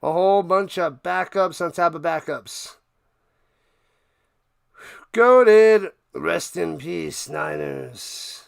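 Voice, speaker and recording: A man's voice: a little high, slow, vocal fry, long pauses, dry recording, clean studio sound. A man hosting a casual live stream, calling football play by play in a playful, hyped way while chatting with viewers. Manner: playful, hyped, talks to chat, sings and riffs.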